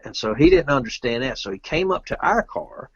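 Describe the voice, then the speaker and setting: A middle-aged man from Georgia, telling a rambling, animated story as a guest in a casual interview. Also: mid-range voice, a little fast, husky, no echo, highs cut off. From Georgia, USA. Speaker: guest, pro pool player.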